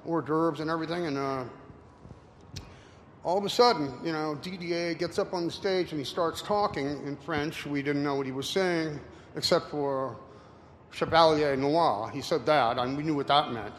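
A man in his sixties giving a casual slide talk with anecdotes to an audience, rambling and halting with many fillers. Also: a little high. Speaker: presenter. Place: room with an audience. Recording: reverberant hall, faint noise.

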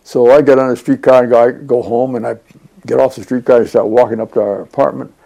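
A man's voice: medium pitch, steady tone, fast, vocal fry, dark tone. An older man being interviewed, recounting his past in a rambling, chatty way with many fillers. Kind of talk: oral history storytelling.

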